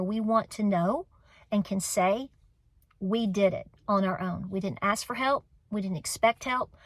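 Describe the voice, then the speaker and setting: A woman's voice: on the high side, pushed and bright, dry recording. Earnest, emotional Southern woman in her forties. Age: 40s. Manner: emotional, earnest, encouraging, repeats phrases for emphasis. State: tearful. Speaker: homestead channel host. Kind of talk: heartfelt vlog talk to viewers.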